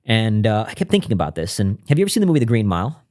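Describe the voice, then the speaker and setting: A man speaking as a guest on an interview podcast, in a lowish voice. He tells his story earnestly and reflectively, in conversation. At intimate moments he sinks into a quiet, hushed delivery. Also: big pitch swings, very fast.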